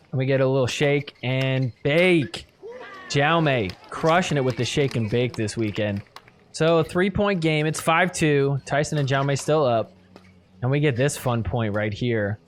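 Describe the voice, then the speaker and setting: A man hosting a podcast, casually talking through match replays play by play and getting excited at big points. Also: medium pitch, a little hiss or hum. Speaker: podcast host recapping matches. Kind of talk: play-by-play video recap commentary.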